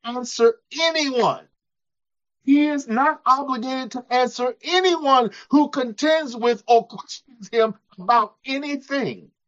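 A man's voice: very high voice, takes it slowly, a bit bright. A man preaching a sermon, acting out quoted voices and chuckling as he talks. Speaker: pastor. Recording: dull lo-fi church recording.

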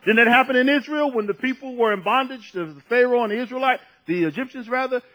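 A man's voice: very high voice, fast, dull audio. A man preaching a sermon, conversational and at times emphatic, drawing out key phrases.

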